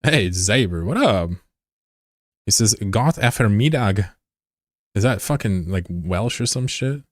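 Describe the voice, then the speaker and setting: A man with a low voice talks in loose, rambling live-stream chat, joking and swearing as he runs his game fleet. His delivery is casual and offhand. The sound is dry and close on a desk microphone. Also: animated, unhurried, dry recording.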